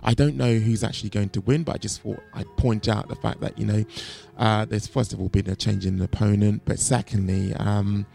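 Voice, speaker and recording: A man rambles through his fight picks, piling on fillers and restarts as he tells backstage stories. His voice is low and dark, with a gravelly fry. Faint music plays underneath. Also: fairly even intonation, brisk, few pauses. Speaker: MMA show co-host. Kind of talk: casual fight-pick chat.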